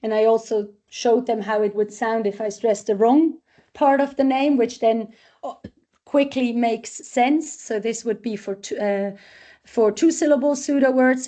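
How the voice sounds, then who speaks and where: Woman researcher explaining with a soft dark tone. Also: fairly high pitch, steady tone, measured pace. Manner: explains step by step, walking through examples. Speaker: researcher presenting a literacy tool. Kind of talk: research talk with demonstrations.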